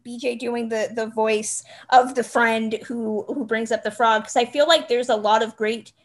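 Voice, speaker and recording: A woman's voice: on the high side, steady tone, normal speed. A woman co-hosting a casual film podcast, chatty and rambling with lots of fillers. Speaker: podcast co-host.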